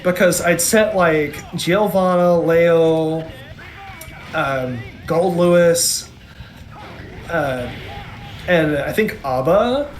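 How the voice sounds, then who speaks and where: A man's voice: a little high, very slow, pauses often. A man in his thirties, a podcast co-host in casual chat, enthusiastic and rambling with many restarts. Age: 30s.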